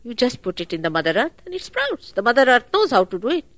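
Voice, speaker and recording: A woman giving a spiritual talk at a public program, animated and full of rhetorical questions. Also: on the high side, fast, no echo. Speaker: spiritual teacher.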